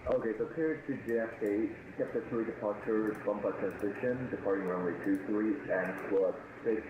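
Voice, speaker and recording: A man acting as a pilot on a flight-sim network, reading back clearances hesitantly over the radio. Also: on the low side, moderate pace, phone-quality sound, over music. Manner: hesitant, with fillers before readbacks. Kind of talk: radio readback. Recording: roomy, noisy radio transmission.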